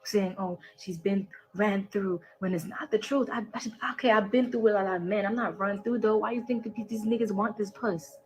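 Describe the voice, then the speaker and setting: A woman's voice: mid-range voice, steady tone, fast talker, few pauses, a little mellow, poor audio. A woman in a played social media clip, ranting in a boastful, profane and emotional way and affirming herself. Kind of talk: social media live rant.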